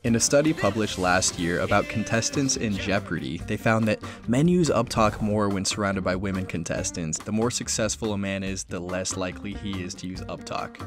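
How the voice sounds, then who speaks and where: A man's voice: fairly low pitch, normal speed, hardly any pauses. A man hosting a casual explainer vlog, chatty and informal with joking asides. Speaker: video host. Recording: roomy echo with faint music.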